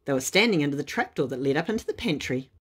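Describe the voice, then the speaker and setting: A woman narrating a children's bedtime story in a lively, expressive way. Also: sits low, racing, husky.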